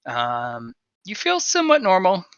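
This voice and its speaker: A man's voice: high-pitched, huge pitch swings, measured pace, a bit bright, clean tone, no echo, muffled recording. A man narrating as game master of a tabletop game, laughing, swearing and throwing in dramatic asides.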